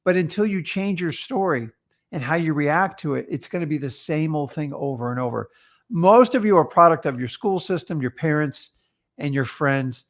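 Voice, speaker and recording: Middle-aged male co-host, earnest storytelling coach, fairly high voice. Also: expressive, moderate pace. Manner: earnest, storytelling, hesitant fillers. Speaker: real estate coach, co-host. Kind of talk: motivational talk.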